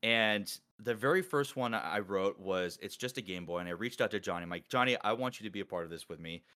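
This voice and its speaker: A man hosting a casual group call, talking excitedly and rambling with many restarts. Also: fairly low pitch, quick pace, clean tone. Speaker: podcast host and collab organizer.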